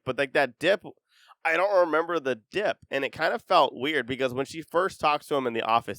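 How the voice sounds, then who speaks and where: A man's voice: medium pitch, fairly bright tone, clear, resonant tone, dry recording, clean studio sound. Rambling man in casual film chat. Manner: rambling, heavy use of "like". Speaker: podcast co-host.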